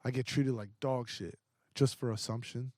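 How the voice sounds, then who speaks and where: A young man, a podcast guest, telling a story in a casual, animated way, with heavy swearing and lots of fillers. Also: mid-range voice, moderate pace, no room sound, clean studio sound.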